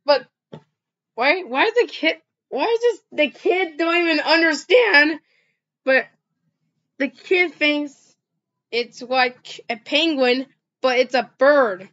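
On a dull lo-fi recording, a woman hosting a reaction video comments casually on funny clips. Her voice is high, animated, and a bit bright, and her rambling talk halts and restarts often.

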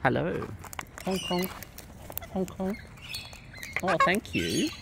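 A woman chatting to her pet birds in cooing, sing-song baby talk, over loud bird noise. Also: on the low side, big pitch swings, takes it slowly, creaky. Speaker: bird keeper filming her pets. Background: birds squawking and honking.

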